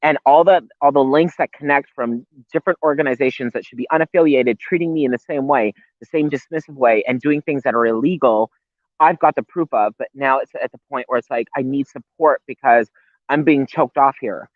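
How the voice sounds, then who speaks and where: A man's voice: mid-range voice, brisk, dry recording. Heated man on a tinny phone line. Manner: heated, rambling, swears, many restarts. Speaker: guest. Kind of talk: live-stream interview talk.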